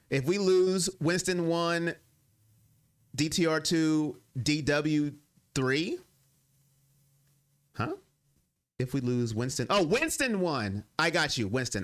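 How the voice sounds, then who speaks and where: A man's voice: fairly high pitch, fairly bright tone. A young man hosting a sports live stream, chatting casually and emotionally with his viewers. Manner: emotional, talks straight to his chat.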